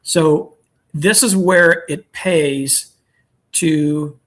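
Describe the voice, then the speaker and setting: A man who keeps bees, telling a story in relaxed, rambling chat and clearing his throat often. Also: a little high, drawn-out words. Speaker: beekeeper selling nucleus colonies.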